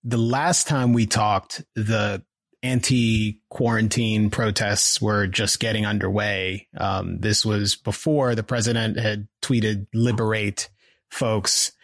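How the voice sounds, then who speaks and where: A man's voice: lowish voice, level tone, slow pace, fairly bright tone, no room sound, studio quality. A man co-hosting a podcast with laid-back talk and chuckling interjections. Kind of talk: casual chat.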